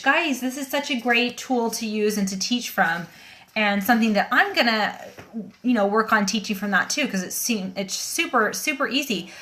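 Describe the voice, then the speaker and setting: A woman's voice: on the high side, pushed and bright. Earnest, rambling woman on a phone livestream. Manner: earnest, rambling, with many fillers and restarts. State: shaken and emotional. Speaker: livestream host. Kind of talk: casual livestream talk to viewers.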